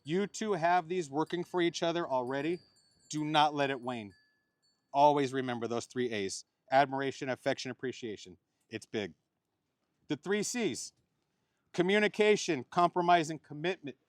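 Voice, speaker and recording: A man's voice: a little high, moderate pace, no echo. Middle-aged man officiating with jokes. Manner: joking, playful asides between heartfelt advice. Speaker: wedding officiant, uncle of the bride. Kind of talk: wedding ceremony speech.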